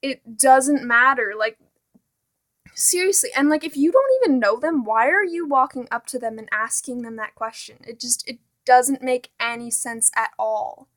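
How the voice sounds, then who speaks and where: A woman's voice: high-pitched, normal speed, fairly bright tone. A teenage girl vlogging a casual, exasperated rant, full of "like" and "honestly". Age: teens.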